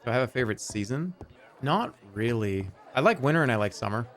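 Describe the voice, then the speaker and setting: A man streaming live in casual chat, rambling and swearing, and now and then acting out scenes in loud put-on voices. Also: mid-range voice, expressive, quick pace, faint music behind.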